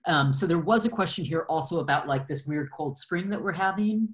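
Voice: medium pitch, a little fast. A panel moderator who frames audience questions casually and hesitantly, with many fillers.

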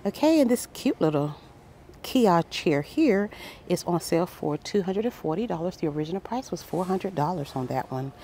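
A woman filming a casual walkthrough of a furniture store on her phone, excitedly reading out sale prices and chatting to her viewers. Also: lowish voice, normal speed, a little hiss or hum. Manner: excited, reads prices aloud, addresses viewers as guys. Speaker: shopping vlogger. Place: large furniture store, indoors.

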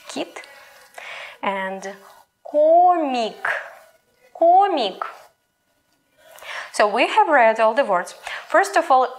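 A young woman with a Ukrainian accent gives a scripted lesson in English. She speaks patiently, sounding out each word slowly. Her voice sits a little higher than most women's. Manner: patient, explains slowly, models sounds aloud. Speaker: language teacher.

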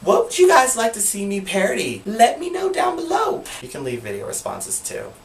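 Young male vlogger, wisecracking and expressive, filmed on a home camera with faint background hiss. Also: sits high, moderate pace, vocal fry. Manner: animated, sarcastic, jokey. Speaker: vlogger answering viewer questions. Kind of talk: casual chat. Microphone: flip camera.

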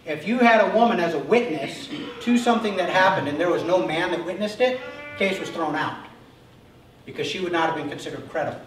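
A male pastor with a high voice preaches an Easter sermon at a fairly quick pace, animatedly acting out Bible figures and often asking the congregation "Okay?" He's recorded from a distance in a very echoey church sanctuary, with faint noise present.

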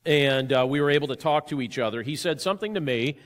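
A man's voice: a little high, expressive, fast talker. A man, a pastor, opening with a prayer and then preaching an earnest, conversational sermon full of rhetorical questions.

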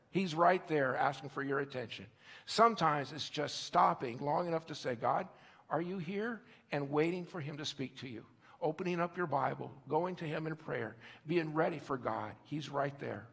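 A man preaching a sermon as a pastor, emphatic, repeating phrases and slowing down for key points. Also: sits high, vocal fry, a bit bright. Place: church sanctuary. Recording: long hall reverb.

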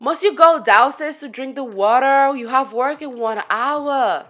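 A woman's voice: high voice, unhurried, a bit bright. A woman giving casual gameplay commentary, chatty and giggly, talking to her game characters as she plays. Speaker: gaming channel host.

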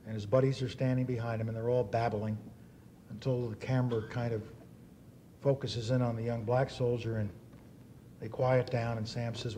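A man in his fifties giving an after-dinner speech. He spins anecdotes and acts out the quotes in a mellow, relaxed voice at an ordinary pitch. Faint room noise sits underneath. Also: moderate pace. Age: 50s. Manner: anecdotal storytelling with acted quotes. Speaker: dinner speaker. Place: banquet hall.

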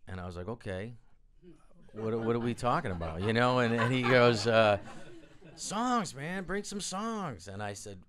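A man, a guest on a live studio interview, telling rambling, animated stories and acting out the people he quotes. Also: fairly low pitch, fairly quick, background noise. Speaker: guest, record producer and drummer. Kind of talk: anecdotal storytelling interview.

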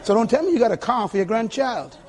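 An older man preaching a sermon to a church congregation with a husky voice, emphatic and calling for responses. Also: extremely high pitch, very animated, fast, darkish tone, a faint crowd. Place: church sanctuary.

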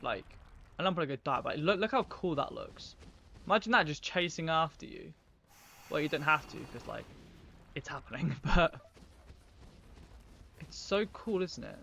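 A man with a slightly higher voice rambles casually through a live gameplay stream. He keeps up a chatty back-and-forth with his viewers as he plays, over a faint hiss. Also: animated, moderate pace, creaky, pauses often, pushed and bright. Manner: rambling, chatty, talks to viewers while playing.

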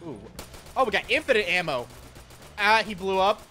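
A man giving casual gameplay commentary, excitable, often swearing and laughing at surprises. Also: high voice, normal speed, faint music behind. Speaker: gaming YouTuber.

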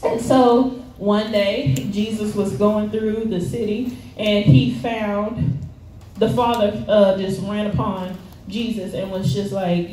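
A woman speaking at a church service in a church hall gives a casual, conversational sermon in slangy everyday speech, with plenty of fillers and easy laughter. Her medium-pitched voice is steady, slow and dark in tone. The room is echoey, she is far from the mic, and there is faint noise.

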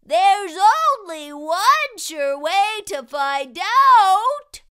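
A woman voicing a small, cheerful young male sloth in a children's storybook read-aloud, speaking slowly and sweetly like a child. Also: very high voice, sing-song, bright, forceful tone, voice pushed up, heavily acted.

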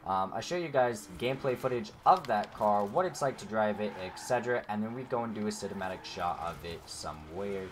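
A man's voice: lowish voice, lively intonation, brisk, few pauses, background noise. A man casually commenting over gameplay as a gaming YouTuber, rambling and chatty with many fillers, talking straight to his viewers. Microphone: desk microphone.

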